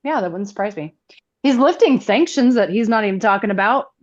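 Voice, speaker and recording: A woman co-hosting a casual political chat show, talking in an animated, sarcastic way with swearing. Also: medium pitch, brisk, dull audio. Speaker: podcast co-host.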